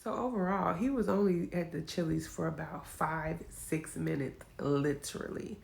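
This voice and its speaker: A woman telling her own story in a casual vlog, emotional and animated, acting out the quotes. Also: sits low, normal speed, vocal fry. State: upset.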